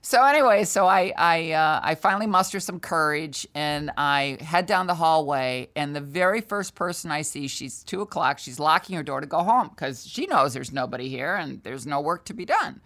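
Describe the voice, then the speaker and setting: An older woman, a sales trainer and guest, telling a candid, self-deprecating story in an animated, conversational way. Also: deep voice, moderate pace, few pauses.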